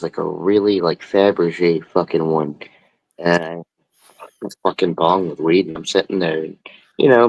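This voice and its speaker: Gravelly low-voiced man swearing through a story. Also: dry recording, lo-fi sound. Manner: rambling, profane, animated. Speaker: stream host. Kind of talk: casual storytelling.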